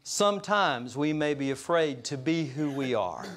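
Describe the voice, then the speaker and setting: Higher-voiced man preaching a sermon. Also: lively intonation, a bit bright. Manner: conversational, chuckles through anecdotes; earnest, slows for emphasis. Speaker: pastor. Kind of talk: storytelling sermon. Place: church service.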